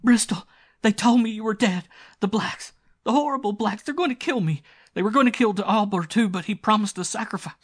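A man voicing a sobbing, terrified young woman. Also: a little fast. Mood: hysterical. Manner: frantic, high and pleading.

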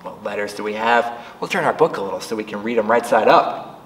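A man's voice: on the low side, a little hiss or hum. A man reading a picture book aloud to children at a storytime, chatting with them between pages. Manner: slow, animated read-aloud voice for children. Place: library room. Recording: echoey room, distant mic.

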